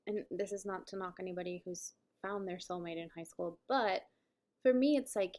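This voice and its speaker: A woman's voice: mid-range voice, normal speed, a little mellow. A woman in her thirties co-hosting a podcast, talking emphatically and reflectively, full of "like". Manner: emphatic, reflective, says "like" a lot. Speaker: producer and co-host. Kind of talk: casual chat.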